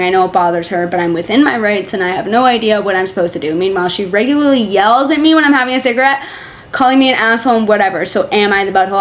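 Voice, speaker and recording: A young woman streamer reads forum posts aloud and reacts to them, chatty and sarcastic, swearing freely and laughing often. Her voice is mid-range, with a little hiss or hum in the recording.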